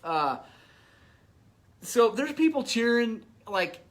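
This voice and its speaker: A man hosting a motorcycle shop show from the shop, telling a long story in a rambling, animated way with chuckling asides to the people around him. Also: extremely high pitch, slow. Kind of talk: casual live storytelling. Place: motorcycle shop before opening.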